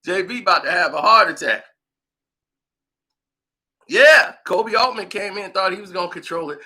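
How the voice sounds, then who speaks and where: Male sports vlogger, animated storyteller, bright edgy voice. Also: high-pitched, normal speed, pauses often, low-quality recording. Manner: animated storytelling, laughs often. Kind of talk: casual sports commentary.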